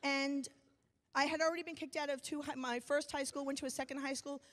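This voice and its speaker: A woman from New York giving a motivational speech, telling a personal story with comic timing and dramatic pauses. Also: sits high, level tone, fairly bright tone. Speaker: motivational speaker. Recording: long hall reverb.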